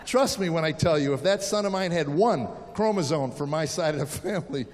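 High-voiced older male stand-up comic. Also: brisk, noisy background. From United States. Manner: storytelling with acted-out quotes. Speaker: stand-up comedian. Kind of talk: stand-up comedy set. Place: large hall with audience. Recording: live hall reverb.

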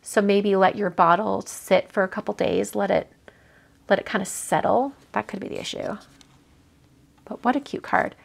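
With a mid-range voice, vocal fry, fairly even intonation, and a moderate pace, a card-making livestream host chats casually while opening cards viewers sent her. She gushes and thinks aloud, using many fillers.

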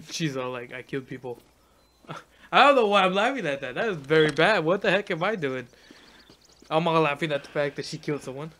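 A man commentating his own gameplay, excitable, yelling at the game and laughing often. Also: on the high side, brisk. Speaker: gaming channel host. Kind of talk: let's play commentary. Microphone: face cam desk mic.

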